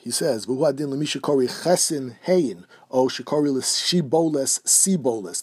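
A man teaching a halachic lesson, explaining Hebrew quotes in a steady way. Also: medium pitch, slightly rough. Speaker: Torah teacher. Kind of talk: halachic lecture.

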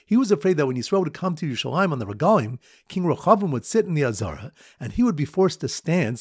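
A man giving a Talmud lesson, telling playful memory-aid stories in a lively storytelling way, with Hebrew and Aramaic terms. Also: fairly high pitch, breathy edge, no echo, studio quality. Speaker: Talmud teacher.

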